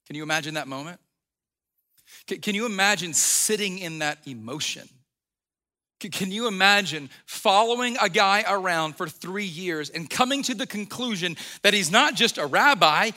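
Pastor preaching a sermon in a chatty storytelling way. Man with a high, piercing voice. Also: lively intonation, measured pace, long pauses, sharp tone, big-room sound. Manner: conversational storytelling, acts out quotes, frequent restarts.

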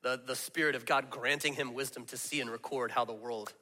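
A man's voice: mid-range voice, fairly even intonation, brisk, sharp tone, long reverb tail. A man preaching a casual, storytelling sermon as pastor, talking conversationally and laughing at himself often. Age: adult with young children.

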